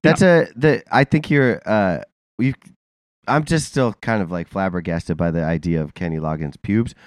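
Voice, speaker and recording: A man's voice: low voice, moderate pace, no room sound, studio quality. A man with a congested, nasal voice from a sinus infection, co-hosting a casual podcast chat, rambling with lots of fillers and laughs. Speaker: podcast co-host.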